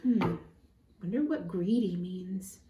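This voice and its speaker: Slow, animated woman teaching small children. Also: fairly low pitch, slight background noise. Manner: animated and encouraging, counting syllables slowly. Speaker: pre-K teacher. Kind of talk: children's lesson. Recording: echoey room.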